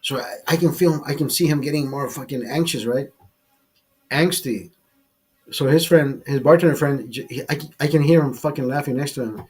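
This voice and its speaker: A man's voice: medium pitch, moderate pace, darkish tone, slightly rough. A man hosting a casual show, telling a rambling, profane story with many restarts and repeated words. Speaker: host.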